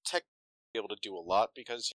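A man's voice: on the low side, quick pace, a bit bright, no echo. A man playing a tabletop game, talking casually and laid-back, often trailing off. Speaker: player.

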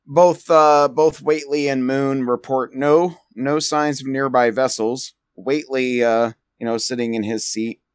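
A man's voice: medium pitch, steady tone, unhurried, hardly any pauses, smooth, dry recording. Male game master, rambling and full of fillers, close dry mic. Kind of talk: narrating a tabletop game.

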